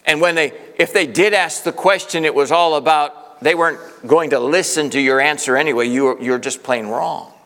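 A man's voice: on the high side, normal speed, hardly any pauses, fairly bright tone. A middle-aged man preaching a storytelling sermon, earnest and conversational, often restarting his sentences. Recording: long reverb of a large hall.

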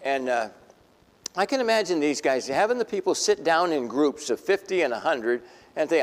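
A man preaching a sermon, telling a Bible story in lively fashion and acting out the people in it. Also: medium pitch, a little fast, in a large hall. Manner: animated storytelling, voicing biblical figures. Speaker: pastor.

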